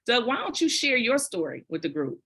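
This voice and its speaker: A woman's voice: fairly high pitch, very animated, fairly quick, bright, forceful tone, slightly rough. A middle-aged woman co-presenting on a group call, speaking in an enthusiastic, effusive way. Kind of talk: casual call chat.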